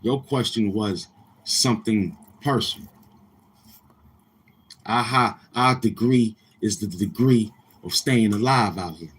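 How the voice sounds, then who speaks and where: A man's voice: fairly low pitch, slow pace, breathy edge. A man hosting a livestream, chatting casually with viewers in a boastful, crude, repetitive manner. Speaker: livestream host.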